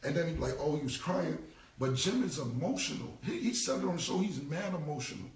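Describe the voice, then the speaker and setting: Blunt, gravelly-voiced New man ranting. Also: fairly high pitch, very animated, fast talker, reverberant, recorded from a distance. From United States. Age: 40s. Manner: blunt, repetitive street talk. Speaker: rapper. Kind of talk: casual Instagram live rant.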